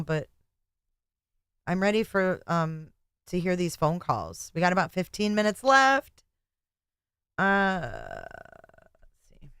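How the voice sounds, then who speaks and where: A middle-aged woman chats on her home livestream in a smooth, clear voice that sits a little low. She talks casually to her viewers, reading their names and thanking them. The sound is dry and close, with no room echo. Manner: chatty and emotional, thanking viewers by name. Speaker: livestream host.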